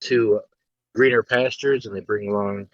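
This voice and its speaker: A man's voice: fairly low pitch, steady tone, normal speed, no room sound, lo-fi sound. A young man co-hosting a podcast who rambles casually about a video game, with many restarts. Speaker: podcast co-host. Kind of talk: casual chat.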